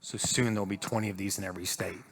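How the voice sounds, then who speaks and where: A man on stage telling a story in a lively way, acting out the voices of the people in it. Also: deep voice, rapid-fire, gravelly, background noise. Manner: animated storyteller acting out quotes. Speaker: speaker. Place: stage before an audience.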